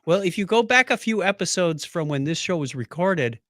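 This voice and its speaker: Man, podcast co-host, rambling storyteller, bright tone, dry close sound. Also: sits high, a little fast, dry recording. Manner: rambling storyteller, animated, laughs often. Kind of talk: casual chat.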